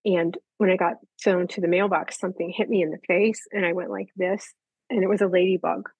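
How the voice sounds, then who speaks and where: A woman's voice: lowish voice, fairly even intonation, a little fast, a little mellow, breathy edge, no echo, poor audio. An older woman, a guest animal communicator, telling personal stories in casual chat and acting out the voices she quotes.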